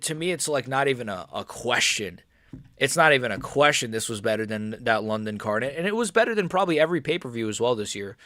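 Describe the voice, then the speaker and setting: A man's voice: medium pitch, dry recording, clean studio sound. Rambling man chatting on a livestream. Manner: relaxed and rambling, many fillers and restarts. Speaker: livestream host reading chat. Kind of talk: casual live-stream chat.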